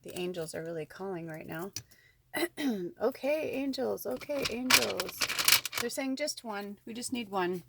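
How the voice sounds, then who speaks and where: A woman's voice: medium pitch, animated, normal speed, background noise. A woman giving a casual spiritual card reading at home. She rambles in a chatty way, full of asides and "like". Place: at home indoors.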